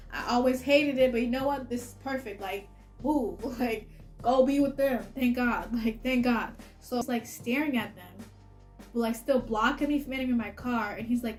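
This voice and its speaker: A young woman with a somewhat high voice recounts a story in casual storytime fashion. She rambles with plenty of filler words and ready laughs. Soft music plays faintly underneath. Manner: chatty, heavy use of filler "like", laughs often. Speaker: vlogger.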